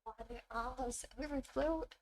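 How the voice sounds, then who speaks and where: A woman VTuber streaming from home, chatting casually with her viewers between karaoke songs, giggling and breaking into quick asides as she reads the chat. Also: high-pitched, a little mellow, slight background noise. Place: home room.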